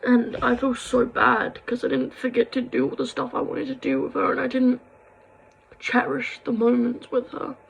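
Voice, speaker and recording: A woman's voice: high-pitched, level tone, moderate pace, gravelly, highs cut off, slight background noise. A young woman talks in an emotional confessional vlog, rambling and heartfelt, and at times bursts into angry rants. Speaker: vlogger.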